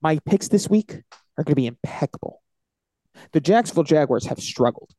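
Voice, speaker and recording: Animated man hyping football picks. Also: fairly high pitch, a little fast, no echo. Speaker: podcast co-host. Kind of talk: casual sports picks chat.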